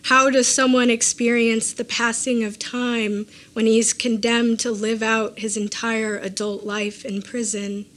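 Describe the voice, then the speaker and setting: A woman with a somewhat high-pitched voice reads her own personal essay aloud to listeners. Her delivery is measured and deliberate, and she drops in dry, offhand asides between the passages. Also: level tone, a bit bright. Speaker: author reading her own memoir. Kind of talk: live reading of a personal essay.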